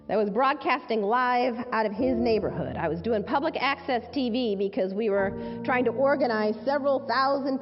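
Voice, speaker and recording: A woman, a civil rights lawyer, giving a public speech and telling a personal story with emphasis, repeating key phrases. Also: fairly high pitch. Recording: echoey hall, dull sound, faint music underneath.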